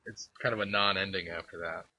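A man's voice: deep voice, fairly even intonation, a little fast, a crowd in the background, rough recording. A man chatting casually on a podcast, laid-back and dropping chuckling asides. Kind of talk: casual chat. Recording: faint background noise.

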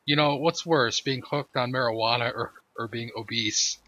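A man's voice: medium pitch, fairly even intonation, normal speed, sharp tone. A man co-hosting a podcast in casual chat, talking earnestly and fumbling for names with fillers. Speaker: podcast co-host. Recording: dull lo-fi mic with faint noise.

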